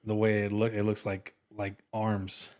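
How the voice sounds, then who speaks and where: A man co-hosting a podcast, chatting in a relaxed, joking way and trailing off mid-sentence. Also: on the low side, measured pace. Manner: laid-back and jokey, trails off mid-sentence. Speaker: podcast co-host. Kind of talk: casual podcast chat.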